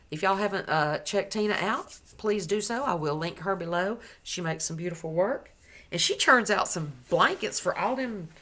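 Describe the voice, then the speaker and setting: A woman's voice: mid-range voice, fairly bright tone. A woman crochet vlogger chatting casually to the camera at home, gushing as she shows off her gifts and correcting herself as she goes. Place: at home indoors.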